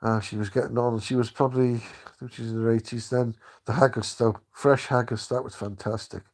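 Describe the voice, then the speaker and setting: An older man chatting on a live stream, halting and rambling with many restarts. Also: mid-range voice, flat delivery, darkish tone. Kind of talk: casual live-stream chat.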